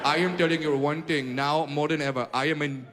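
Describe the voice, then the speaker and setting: A man's voice: fairly high pitch, steady tone, fairly quick, voice pushed down, close to an everyday voice. A man voicing a frantic, overly polite man, begging for computer help, in a noisy live club. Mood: pleading. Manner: desperate, overly polite pleading.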